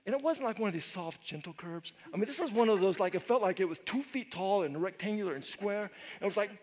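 A middle-aged male pastor preaching a sermon, telling stories with animated swings and sudden loud outbursts. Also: sits high, a little fast. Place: church sanctuary with long reverb. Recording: reverberant church hall.

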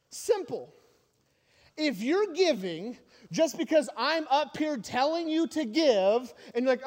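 Male pastor, sermon, very high voice, animated and joking, emphatic, church, long echoing reverb. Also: measured pace. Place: church sanctuary.

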